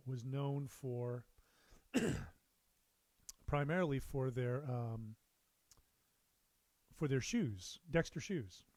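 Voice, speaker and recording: A man's voice: mid-range voice, darkish tone, dry recording. A man in his fifties from Massachusetts, hosting a livestream from a studio in a loose, rambling chat full of "uh"s as he greets viewers. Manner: chatty, rambling, many "uh"s and drawn-out greetings. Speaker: livestream host and musician. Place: recording studio.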